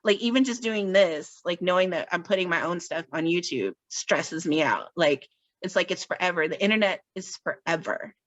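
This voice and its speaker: A woman's voice: lowish voice, a bit bright, no room sound. A woman in casual podcast chat, talking in a chatty, self-mocking way and laughing often. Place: podcast recording.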